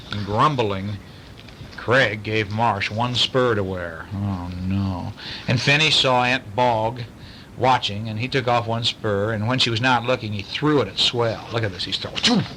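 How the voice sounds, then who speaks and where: A man gently reading a picture book aloud to a child at home, pausing for chatty asides. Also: on the low side, a little hiss or hum. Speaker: parent reading a bedtime story.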